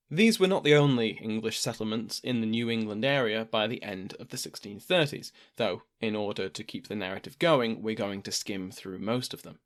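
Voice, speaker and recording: A man hosts a history podcast and reads his script in a measured storytelling manner. His voice sits at an everyday middle pitch. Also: fairly bright tone.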